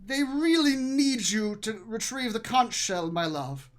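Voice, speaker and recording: A smooth-talking male courtier soothes his beloved wife, as a game master puts him on. His tone is placating and a touch higher than plain speech. It is tabletop role-play with a slow, swooping delivery. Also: expressive, close to an everyday voice.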